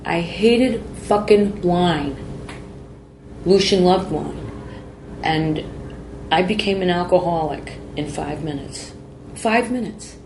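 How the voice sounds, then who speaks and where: Woman guest, low voice, emotional and rambling, candid interview in a roomy space. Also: lively intonation, slow, pauses often. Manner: emotional, rambling, repeats phrases. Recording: roomy with faint background noise.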